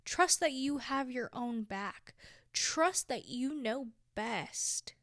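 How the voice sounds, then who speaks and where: Earnest young woman, slow and heartfelt. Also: high voice, lively intonation, no echo, clean studio sound. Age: 20s. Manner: earnest, emphatic, with soft whispered asides. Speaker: vlogger. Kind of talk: heartfelt motivational talk.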